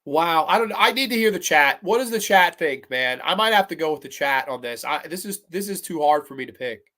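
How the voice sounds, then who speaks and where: A man hosting a live stream, talking to his chat in an excitable, profane way as he agonizes aloud over picks. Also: on the high side, fairly quick. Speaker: podcast host.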